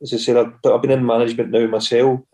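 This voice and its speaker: A man's voice: mid-range voice, little pitch movement, quick pace, warm tone. Scottish man rambling through anecdotes. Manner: rambling anecdotes with many restarts and acted quotes. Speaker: guest, former footballer. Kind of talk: casual storytelling.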